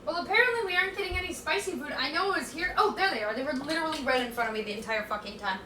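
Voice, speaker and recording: A woman's voice: high voice, animated, racing, echoey room, far from the mic, background noise. A woman streamer chatting casually with her viewers as she cooks at home, reading chat aloud in a scattered, playful way. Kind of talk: casual chat while cooking. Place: home kitchen.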